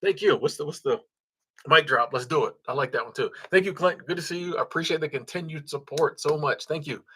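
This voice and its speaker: On the high side, fairly quick, a bit bright and husky, the host's voice carries through a relaxed livestream. He reads comments and thanks supporters with chuckles and plenty of ums and restarts.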